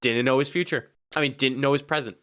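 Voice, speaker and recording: Animated young man co-hosting a podcast. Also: mid-range voice, fast, no echo, clean studio sound. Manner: animated, gets heated and laughs often. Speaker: podcast co-host. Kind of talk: casual chat.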